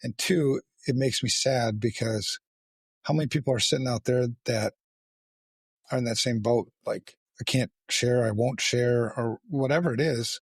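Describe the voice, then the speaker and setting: Male podcast host with a rough, husky voice, candid and profane. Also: medium pitch, no echo, clean studio sound. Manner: blunt, frequent swearing, halting restarts. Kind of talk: candid casual conversation.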